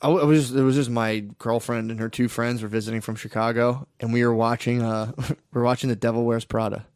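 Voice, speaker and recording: Man swearing through animated stories. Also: mid-range voice, a little fast, no room sound, studio quality. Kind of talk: casual chat.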